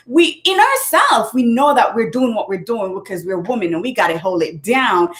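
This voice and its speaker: Earnest lady doing a casual motivational talk, repeats herself, lots of restarts, mid-pitch voice. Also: sing-song, normal speed, few pauses. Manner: earnest and repetitive, with frequent restarts. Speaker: motivational speaker and author.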